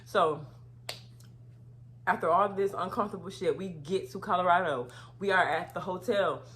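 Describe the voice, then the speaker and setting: Young woman, casual storytime vlog, lowish voice, breaks into loud outraged retellings. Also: normal speed, slight background noise. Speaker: vlogger.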